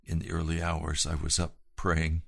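A man preaching a sermon in an earnest way, moving between hushed and emphatic delivery and slowing down to stress points. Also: very deep voice, monotone, vocal fry, no room sound.

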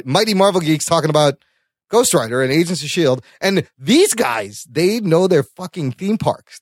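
A man co-hosting a podcast in casual chat. He is chatty and animated, laughs often and swears casually. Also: on the high side, no room sound, clean studio sound. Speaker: podcast co-host.

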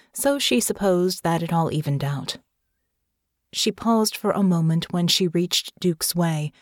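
A woman with a fairly low voice narrates an audiobook, reading a script in a steady, measured way. The recording is studio quality with no room sound.

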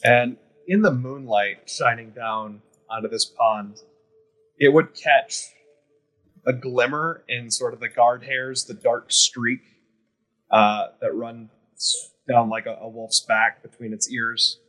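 A man's voice: mid-range voice, fairly even intonation, slow, pushed and bright, poor audio. A man playing a tabletop role-playing game, describing his character's actions hesitantly and thoughtfully. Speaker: player.

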